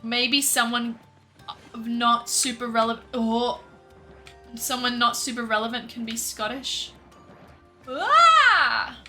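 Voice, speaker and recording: A woman's voice: fairly high pitch, flat delivery, unhurried, pushed and bright, faint music behind. A woman streamer chatting casually while playing a video game, giggly, self-mocking and swearing freely. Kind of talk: casual gameplay commentary.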